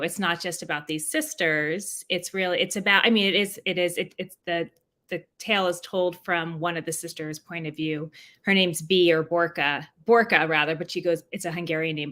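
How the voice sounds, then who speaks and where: Brief: woman author from New Jersey, lowish and bright, thinks aloud with ums and restarts, video call. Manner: halting, many fillers and restarts. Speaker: author being interviewed. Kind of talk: livestreamed book event conversation.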